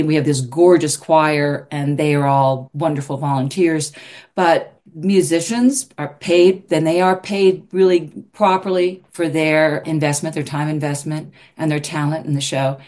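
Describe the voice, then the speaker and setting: A woman with a notably low voice answers an interviewer's questions. She speaks earnestly and often restarts her sentences mid-thought. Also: darkish tone. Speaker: show producer.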